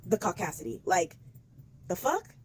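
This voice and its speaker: A woman ranting bluntly on camera, swearing freely and talking in an animated, exasperated way. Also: fairly low pitch, moderate pace, a little hiss or hum. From United States. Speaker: vlogger. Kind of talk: casual commentary rant.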